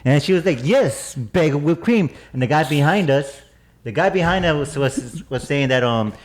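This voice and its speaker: A man telling a story in a casual chat with friends, stopping and restarting often. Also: fairly high pitch. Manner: halting storyteller, many restarts.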